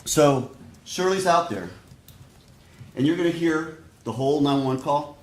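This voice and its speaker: A man giving a prosecutor's opening statement to a jury, speaking deliberately and straight to the jurors. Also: on the high side. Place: courtroom. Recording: echoey courtroom audio.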